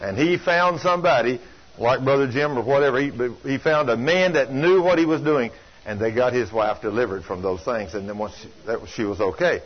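Older preacher guy, kinda husky, folksy storytelling, goes loud then hushed, dull lo-fi recording. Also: mid-range voice, a little fast. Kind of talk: sermon. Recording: dull lo-fi sound.

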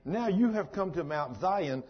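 A man's voice: high voice, lively intonation, measured pace, lo-fi sound. A man preaching a sermon in a folksy, dramatic storytelling manner.

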